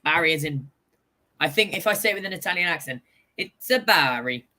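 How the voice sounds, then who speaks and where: Bright-voiced, excitable male football host. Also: a little high, fast talker. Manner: excitable and jokey, shouts over goals. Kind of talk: casual live football chat.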